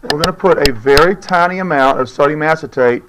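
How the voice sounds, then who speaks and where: A man's voice: fairly high pitch, a little fast, background noise. A man teaching a chemistry demonstration in a classroom, firm and shushing his chattering students. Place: school classroom.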